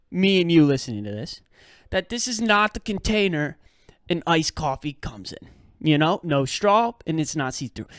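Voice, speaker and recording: A young man rants through a comic story on his podcast. His voice swings widely in pitch and the delivery is loose, rambling and slangy. It sounds close and dry, with no room around it. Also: no echo. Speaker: podcast host. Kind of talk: casual comedic rant.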